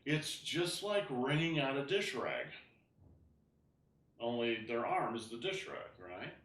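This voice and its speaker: A man's voice: mid-range voice, lively intonation, slow pace, fairly bright tone, echoey room, far from the mic. A man teaching an online tai chi class, explaining moves as he demonstrates and often asking "right?".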